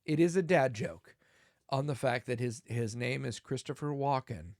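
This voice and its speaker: A man's voice: medium pitch, normal speed, darkish tone, dry recording, studio quality. A man in his thirties hosting a solo comedy podcast, telling a silly bit and cracking himself up with laughter. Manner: giggly, breaks into laughter while telling a bit. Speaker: podcast host.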